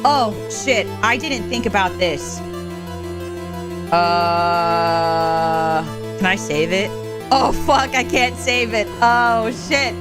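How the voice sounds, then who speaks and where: A woman's voice: medium pitch, lively intonation, drawn-out words. A woman streaming a courtroom game, giddy and profane, laughing often and reading game lines aloud. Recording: game music playing behind.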